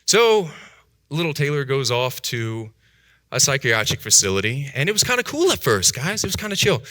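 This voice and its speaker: A man telling his own life story in a talk, animated, jumping high in pitch and dropping to hushed tones as he acts out voices. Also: normal speed, no echo, studio quality. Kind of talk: dramatic personal storytelling talk.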